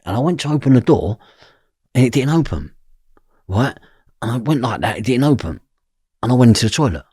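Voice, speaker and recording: A man's voice: medium pitch, very animated, a little fast, long pauses, dark tone, husky, no room sound, clean studio sound. A middle-aged man, a podcast guest, telling his story intensely and bluntly, swearing and often asking if you know what he means. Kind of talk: intense first-person storytelling.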